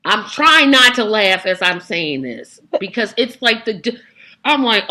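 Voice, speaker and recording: Woman chatting about politics, bright sharp voice, acts out what people say. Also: mid-range voice, measured pace. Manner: animated, acts out quoted reactions. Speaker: host. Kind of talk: casual political chat.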